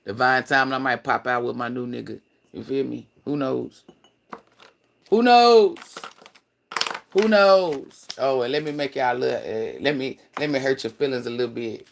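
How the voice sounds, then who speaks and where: A man chatting casually on a livestream, rambling and profane, swinging between loud excited bursts and low mutters. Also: fairly quick, creaky, hardly any pauses, slight background noise. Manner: profane, slangy, laughs often. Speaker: livestream host.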